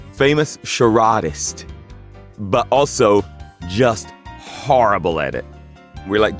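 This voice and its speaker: Low-voiced man, deadpan anecdote. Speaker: actor telling a story. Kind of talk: casual anecdote.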